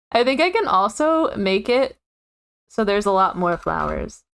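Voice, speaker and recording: Woman streamer, casual live chat, mid-pitched, giggly, rambling. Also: sing-song, a little slow, vocal fry, smooth. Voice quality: giggly, rambling, lots of fillers and self-corrections.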